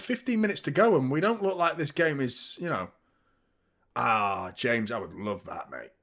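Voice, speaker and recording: A man's voice: mid-range voice, normal speed, fairly bright tone. A young man hosting a live football watchalong, commenting on the match and swearing freely as he gets heated.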